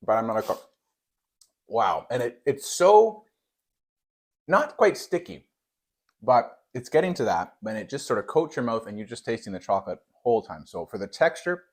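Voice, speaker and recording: A man's voice: medium pitch, big pitch swings, moderate pace. A young man, playfully judging baked goods on camera in a mock-serious way, with lots of fillers. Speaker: taste-test judge. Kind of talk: casual on-camera food review.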